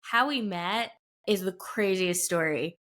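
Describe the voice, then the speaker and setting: A woman's voice: on the low side, a little slow, a bit bright. A middle-aged woman co-hosting a podcast, telling rambling stories with lots of asides in a casual chat. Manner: chatty storyteller, rambling with many asides. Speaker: podcast co-host.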